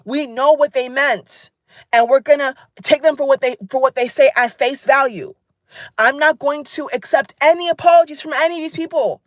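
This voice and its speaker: A woman's voice: high voice, moderate pace, no echo, clean studio sound. A woman vlogger delivering an angry, emphatic political rant to her viewers, repeating phrases for stress and calling them "guys.". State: angry and upset.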